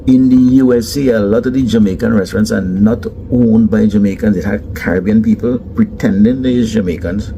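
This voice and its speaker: A man's voice: lowish voice, brisk, vocal fry, hardly any pauses, muffled recording, over music. A man casually telling travel anecdotes in a loose, conversational way. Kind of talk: casual storytelling.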